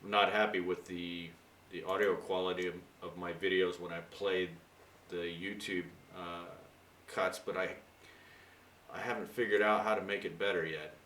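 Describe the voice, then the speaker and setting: Low bright-voiced man teaching English. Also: flat delivery, moderate pace, recorded from a distance, slight background noise. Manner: rambling, chatty, many fillers. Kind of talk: casual video lesson. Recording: echoey room, voice off-mic.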